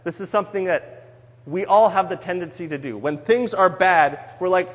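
A man's voice: sits high, normal speed, fairly bright tone. A man giving a sermon on a psalm in an earnest, conversational way. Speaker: preacher. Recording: long hall reverb.

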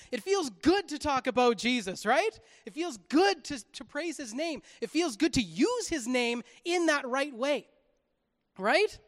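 A woman preaching a sermon and reading scripture aloud. She delivers it animatedly and swings from soft, quiet speech to shouting. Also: high voice, big pitch swings, moderate pace, dry recording, clean studio sound. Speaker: Bible teacher.

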